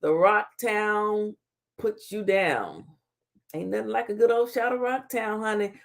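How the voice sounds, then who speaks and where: Hosting a laid-back live-stream talk show, this woman reads viewers' comments out loud and teases them with a playful laugh, dropping Southern words such as "child" and "honey." Her voice is mid-range and gravelly, with lively intonation and a measured pace.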